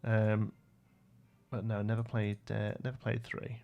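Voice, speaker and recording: A man's voice: on the low side, flat delivery, a little slow, creaky, lo-fi sound. A young British man livestreaming a building game, rambling to himself and answering chat questions in a casual way. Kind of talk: casual live-stream chat while building.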